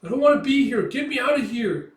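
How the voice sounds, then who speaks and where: A man's voice: very high-pitched, lively intonation, fairly quick, voice pushed up. A man doing a shrieking young noble girl. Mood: hysterical. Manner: screaming, hysterical. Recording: roomy echo, distant mic.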